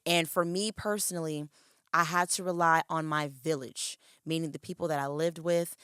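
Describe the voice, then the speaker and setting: Earnest female co-host with a low voice, candid and heartfelt. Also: steady tone, moderate pace, fairly bright tone, clean tone, dry recording, studio quality. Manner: earnest, emotional, confiding. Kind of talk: candid faith talk.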